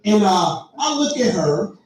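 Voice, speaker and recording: A man's voice: high-pitched, big pitch swings, measured pace, darkish tone. A man telling a profane story in a stand-up comedy set, talking straight to the crowd. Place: live comedy venue. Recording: echoey room, heard from far off.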